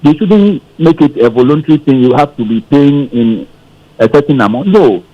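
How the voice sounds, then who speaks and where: A man's voice: on the high side, expressive, normal speed, dull audio. A man calling a radio show and arguing his opinion emphatically. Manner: argumentative, emphatic. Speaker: caller. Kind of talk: call-in opinion.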